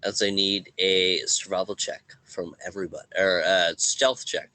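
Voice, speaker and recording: A man narrating a tabletop game as game master, in a halting way that pauses often. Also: low voice, little pitch movement, pushed and bright, low-quality recording.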